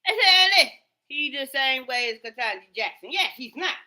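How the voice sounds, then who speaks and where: A woman with a high, piercingly bright voice rants into her phone. She swears heavily and circles back over the same points in an agitated, repetitive way. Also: lively intonation, normal speed. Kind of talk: profane ranting monologue. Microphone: phone recording herself.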